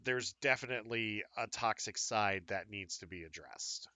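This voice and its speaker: Speaking at a normal speed with a sharp tone and a fairly low pitch, a man rambles through casual live-stream chat as co-host of a fan talk show. He fills his talk with fillers and restarts, and there's no room sound.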